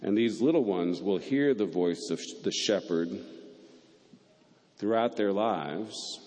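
A man's voice: lowish voice, slow, darkish tone. A man preaching a sermon as pastor, earnest, building to emphatic peaks. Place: church sanctuary. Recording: long reverb of a church hall.

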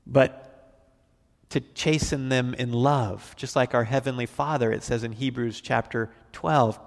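A man's voice: mid-range voice, creaky, long reverb tail. A middle-aged male pastor teaching the Bible verse by verse, telling folksy stories with frequent chuckles.

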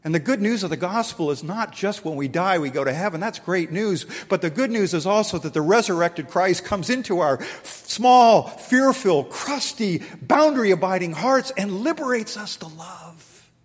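A man in middle age gives a sermon with a fairly high voice that rings out through a large hall with a long reverb. He tells stories and plays out the conversations in them, building up his emphasis as he goes. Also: expressive, normal speed, hardly any pauses, slightly rough. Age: middle-aged. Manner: storytelling, acts out dialogue with rising emphasis. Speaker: pastor.

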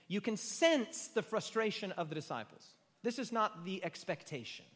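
High-voiced preacher in a reverberant hall. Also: male voice, expressive, moderate pace, few pauses, husky. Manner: dramatic, swings from loud emphasis to hushed near-whispers. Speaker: pastor. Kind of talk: sermon. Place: room with a gathered congregation.

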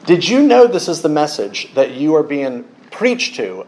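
A man preaching a sermon, lively and joking with the congregation. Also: on the high side, fairly quick, few pauses. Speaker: pastor.

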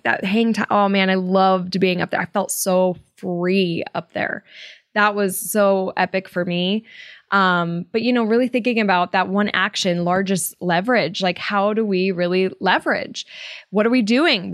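A young woman hosting a podcast, telling a story in a casual, animated way, laughing often and acting out quotes in high voices. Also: no room sound, studio quality. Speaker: podcast host.

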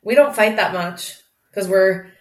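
A woman's voice: medium pitch, a little slow. Chatty young woman in an echoey room. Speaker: host. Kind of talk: casual chat.

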